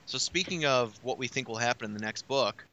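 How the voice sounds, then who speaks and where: A man co-hosts a podcast in easy casual chat, dropping joking deadpan asides. His voice is very bright and forward. The recording is dry and close. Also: mid-range voice, fairly quick, no echo, lo-fi sound. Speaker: podcast co-host.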